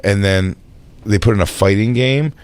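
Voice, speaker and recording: Low-voiced man rambling through anecdotes. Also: moderate pace, clear, resonant tone. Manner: rambling anecdotes with fillers and profanity. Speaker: podcast co-host. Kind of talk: casual chat.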